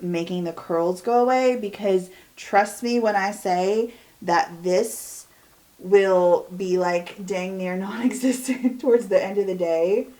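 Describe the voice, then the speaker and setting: A woman's voice: medium pitch, a little mellow. A woman in her forties, vlogging a chatty get-ready-with-me while doing her makeup at home, talking in a candid, rambling way that drawls and trails off. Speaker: beauty vlogger.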